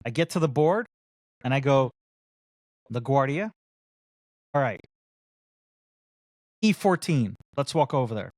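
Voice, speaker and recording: A man in casual podcast chat, spinning a long anecdote and acting out each person he meets along the way. His voice sits at an ordinary middle pitch and is recorded dry, with almost no room sound. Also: moderate pace, long pauses, no echo. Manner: animated storyteller who acts out the other people in his story. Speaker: podcast co-host.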